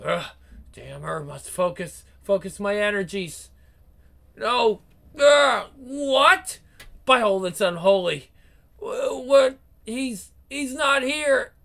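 A woman doing a proud warrior queen of the dead, pushed hard in battle. Her bright, tense voice moves slowly through urgent cries and anxious thoughts, like a comic book read aloud. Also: on the high side, creaky, full character voice. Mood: desperate.

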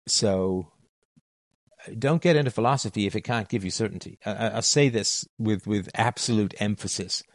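A man's voice: lowish voice, normal speed, no echo, studio quality. A middle-aged man holding forth in a monologue on philosophy, emphatic and repeating his key phrases. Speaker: philosophy talk host. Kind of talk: monologue to listeners.

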